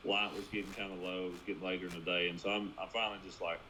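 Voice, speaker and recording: A man's voice: deep voice, flat delivery, very fast, pushed and bright, slight background noise, poor audio. A man, a guest angler, recounting a tournament in a laid-back, rambling way. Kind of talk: casual chat.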